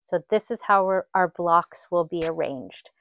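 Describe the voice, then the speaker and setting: A woman teaching a quilt tutorial, talking through each step in a relaxed, step-by-step way in her sewing room. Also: lowish voice, a little slow, vocal fry, a little hiss or hum.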